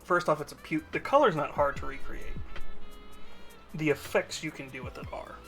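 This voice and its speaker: Over music, a young man with a slightly high, sing-song voice talks at a normal speed. He's streaming himself painting miniatures, chatting casually and rambling with self-aware asides to a friend in typical live-stream fashion.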